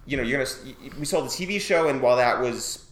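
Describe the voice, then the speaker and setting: A man's voice: mid-range voice, racing. Ny guy guesting on a podcast, storytelling and doing little quotes, echoey room. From Westchester, New York. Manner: animated storyteller, acts out quotes. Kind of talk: casual chat.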